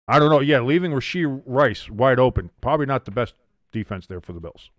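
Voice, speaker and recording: A man's voice: medium pitch, a little fast, dry recording, studio quality. A young man hosting a watch-along stream, calling plays in a casual way, reading out viewer comments between plays, and jumping up in energy when something big happens. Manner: excitable, rising sharply on big plays.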